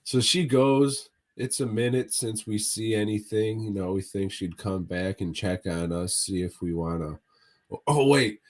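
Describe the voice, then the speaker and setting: A man's voice: fairly low pitch, unhurried. A man co-hosting a podcast, telling a profane story in casual chat, laughing as he goes. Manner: laid-back, swears a lot, laughs while telling a story. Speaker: podcast co-host.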